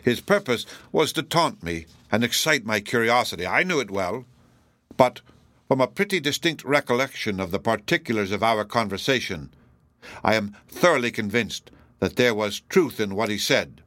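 A man reading aloud in the voice of a smug, pompous elderly judge, formal and deliberate. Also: lowish voice, animated, a bit bright, dry recording. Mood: insistent. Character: smug, self-assured elderly male judge, pompous and formidable.

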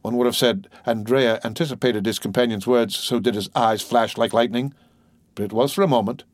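A man narrating a classic novel in a measured, even storytelling manner. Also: mid-range voice, no echo. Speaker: audiobook narrator.

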